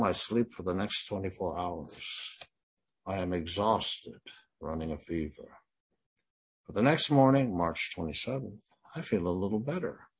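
A man in his sixties reading his first-person memoir in a plain, measured way. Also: lowish voice, breathy edge. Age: 60s. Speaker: memoir narrator.

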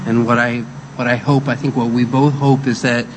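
Hesitant man over clear room noise. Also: medium pitch, little pitch movement, normal speed. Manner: hesitant, lots of ums and restarts. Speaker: film co-director on a panel. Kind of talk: closing panel remarks.

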